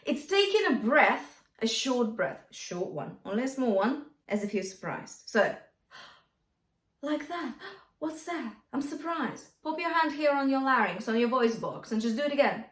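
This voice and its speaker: Woman vocal coach, bit high voice, lots of "yeah?", sounds far from the mic. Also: sing-song, normal speed, hardly any pauses. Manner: encouraging, checks in with "yeah?" often, demonstrates by singing. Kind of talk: singing lesson to camera. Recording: roomy, from a distance.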